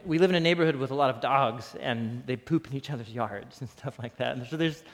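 A man's voice: mid-range voice, a little fast. Chatty preacher man in a reverberant hall. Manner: casual, animated, laughs often. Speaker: pastor. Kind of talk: conversational sermon.

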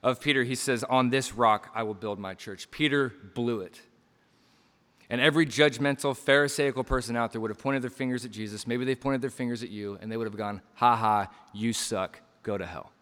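A man preaching a sermon with passion, surging to loud emphasis and dropping to quiet lines, acting out quoted voices as he tells stories. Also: mid-range voice, fairly even intonation, a little fast, in a large hall. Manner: impassioned, swings between loud emphasis and quiet drops; acts out quoted lines in storytelling asides.

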